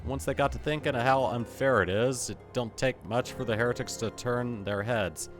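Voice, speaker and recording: A man voicing a low-born male soldier in a video game, talking in a folksy, rough way with dropped grammar. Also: normal speed, faint music behind, lightly acted. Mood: chatty.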